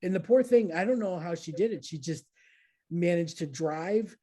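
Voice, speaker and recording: In casual chat, a woman in her thirties tells a story at normal speed in a husky voice. She's lively and laughing, jumping into high voices to act out the quotes.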